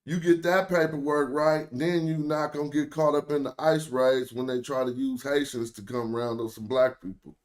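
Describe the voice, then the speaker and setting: A man's voice: mid-range voice, fairly even intonation, moderate pace, hardly any pauses. A young American man with an African American accent, streaming casual, joking commentary in loose slang. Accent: African American English. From United States. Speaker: streamer host.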